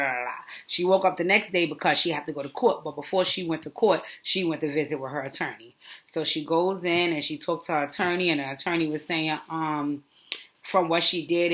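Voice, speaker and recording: A woman with a slightly low voice gives a casual recap commentary. She talks in a gossipy, animated way. She keeps tossing off quick dismissive asides as she goes. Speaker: reality show commentator.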